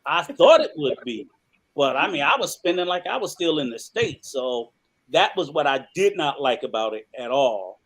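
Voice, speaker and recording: A man's voice: on the high side, sing-song, moderate pace, a bit bright. A man hosting a casual chat show, talking loosely and swearing offhand as he rambles through his answers. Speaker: podcast host.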